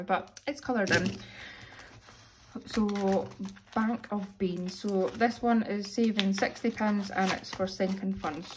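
A young British woman, a little hoarse, chatting casually as she counts out cash for her weekly budget. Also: medium pitch, noisy background. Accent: British English. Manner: chatty, self-narrating, counting money aloud. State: slightly hoarse, losing voice. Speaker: budgeting vlogger. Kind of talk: casual chat while cash stuffing.

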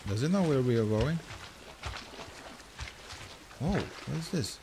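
A man hosting a let's-play, reacting excitably, swearing casually and chattering to the creature in the game. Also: mid-range voice, slow pace, background noise. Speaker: gaming channel host.

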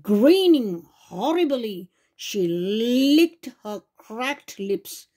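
A woman reading a fairy tale aloud to children in a slow, sing-song way, sometimes correcting herself. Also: on the high side, expressive, dark tone. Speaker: children's channel storyteller.

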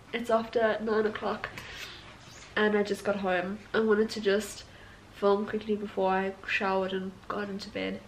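A young woman records a personal vlog at home after a long day, her voice tearful and worn from crying. She talks slowly, pausing and breaking into small laughs through the tears. Her voice sits a little high, and faint background noise runs under it. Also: low-quality recording. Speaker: vlogger, tattoo studio owner.

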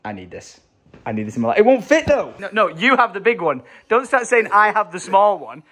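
High, lively man. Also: fairly quick, husky, no echo. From England. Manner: joking and teasing, lively. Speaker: vlogger and host. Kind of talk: casual chat. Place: inside a car in traffic.

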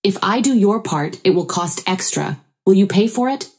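A woman voicing a female housekeeper who speaks firmly and calmly. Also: medium pitch, normal speed, lightly acted. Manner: firm, calm, blunt. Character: firm blunt female housekeeper.

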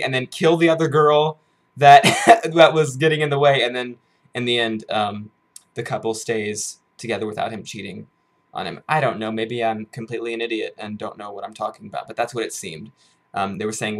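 A young man from the United States reviews a music video for his channel, gushing and exclaiming over and over. His voice sits at an ordinary middle pitch, jumping to loud bursts and then dropping to hushed awe. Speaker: YouTuber reacting to a music video. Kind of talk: excited reaction vlog. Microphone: headphones on, camera mic.

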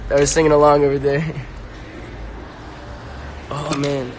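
Slangy young man over loud music. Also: a little high, completely flat delivery, a little slow, long pauses. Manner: slangy and loose, raps and sings along. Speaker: musician hosting a live stream. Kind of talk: casual live-stream chat. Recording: loud music playing behind.

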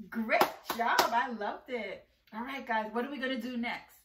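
High-voiced woman teaching little kids in an echoey room. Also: far from the mic, heavy background noise. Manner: sing-song, encouraging, slow and exaggerated, breaks into little songs. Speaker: preschool teacher. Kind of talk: online circle-time lesson for young children. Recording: echoey room, voice a bit off-mic.

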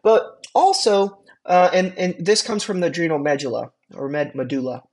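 A man's voice: a little high, moderate pace, darkish tone. Chatty man lecturing casually. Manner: chatty, informal, frequent fillers and acted-out examples. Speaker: EMT instructor.

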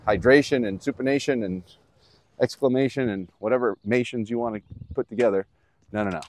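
A man's voice: lowish voice, a little fast, long pauses, darkish tone, a little hiss or hum. A man teaching golf outdoors on a course in a casual, upbeat, plain-spoken way, talking straight to the viewer. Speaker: golf instructor.

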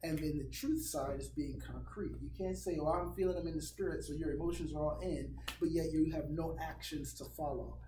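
A man's voice: on the high side, fairly even intonation, background noise. A man, a pastor, teaching a worship class in a casual, joking, conversational way. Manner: informal, joking, acts out quick voices. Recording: echoey room, far from mic, audience around.

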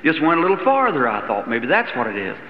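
A man's voice: mid-range voice, wildly swooping pitch, quick pace. A man preaching a sermon, telling a story in a folksy, chuckling way and acting out the dialogue. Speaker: evangelist preacher. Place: church meeting hall. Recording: roomy hall, lo-fi old tape, faint hiss.

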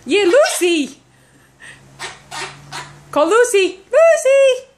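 A woman's voice: very high voice, sing-song, takes it slowly, a bit bright. A woman talking baby-talk to her pet parrot at home, coaxing and repeating short questions in a sing-song way. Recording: home video with clear background noise.

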